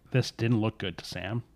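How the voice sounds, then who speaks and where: A man casually retelling a spooky story, slipping into the characters' lines as he goes. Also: fairly low pitch. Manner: relaxed, voices characters' lines in quick asides.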